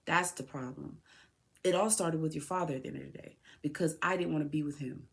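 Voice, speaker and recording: Low-voiced woman pouring her heart out. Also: a little fast, vocal fry. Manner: tearful, raw and heartfelt, speaking straight to her child. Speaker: podcast host. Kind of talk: emotional personal address to her son.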